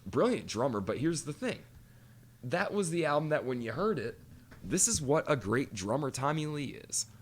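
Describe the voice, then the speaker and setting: A man's voice: mid-range voice, big pitch swings, normal speed. A man co-hosting a podcast, chatting casually and animatedly, cursing freely and telling stories with quoted voices. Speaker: podcast co-host. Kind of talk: casual chat.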